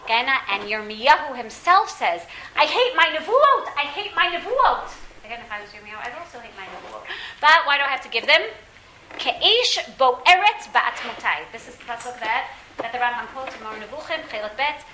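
Bright, high-voiced woman teaching a class. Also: a little fast, echoey room, low-quality recording. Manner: lively, questioning, calls on students. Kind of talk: classroom Bible lesson.

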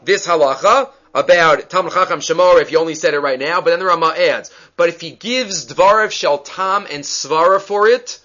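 Talmud teacher, man, high bright voice, animated, dull lo-fi recording. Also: moderate pace, few pauses. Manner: animated, acts out the dialogue. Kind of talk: Talmud class lecture.

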